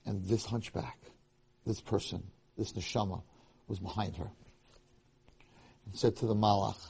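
A man giving a Torah lecture, telling a story in an animated way that restarts and repeats phrases often. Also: on the low side, measured pace, creaky, slightly rough.

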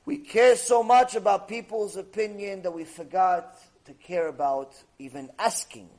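Man, high voice, husky tone, Torah lecture, emphatic, repeats phrases for effect. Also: moderate pace, a little mellow. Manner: emphatic, rhetorical repetition. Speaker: Torah teacher.

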